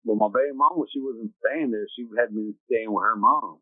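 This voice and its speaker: A man's voice: medium pitch, a little fast, no echo. Streetwise man telling a story, tinny line. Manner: rambling, streetwise, tags lines with "right?" and "you know what I'm saying". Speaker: interview guest. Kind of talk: casual personal storytelling. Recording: tinny phone-like dry sound.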